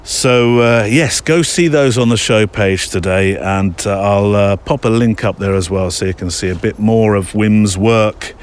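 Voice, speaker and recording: Low-voiced rambling male podcast host. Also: measured pace, few pauses. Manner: rambling, self-deprecating, many fillers. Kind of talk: casual chat.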